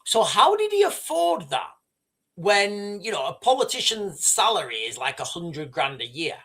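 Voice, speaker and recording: A middle-aged man holds forth on his livestream in a loose, profane, rambling way. His voice swoops animatedly between high and low as he drives his points home. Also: very animated, normal speed, bright, forceful tone. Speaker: livestream host. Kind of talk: casual ranting commentary.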